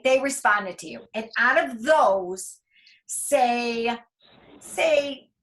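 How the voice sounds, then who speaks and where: An enthusiastic woman leading a casual team training over a video call, talking through numbers out loud. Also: on the high side, low-quality recording.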